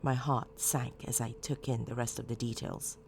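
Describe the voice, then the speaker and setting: A woman reading a horror story as scripted narration, measured and low-key with dramatic emphasis. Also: fairly even intonation, a little mellow, slight background noise.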